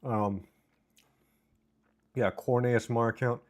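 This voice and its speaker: A man's voice: medium pitch, fairly even intonation, unhurried. Chatty man streaming while he eats. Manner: chatty, reading chat aloud while eating. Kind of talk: casual live-stream chat. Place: home, indoors. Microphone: desk mic with noise cancellation.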